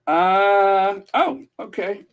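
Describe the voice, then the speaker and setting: A man's voice: sits high, very slow, clean tone. A man hosting a royal news channel, reading viewer comments in a rambling, self-amused casual chat.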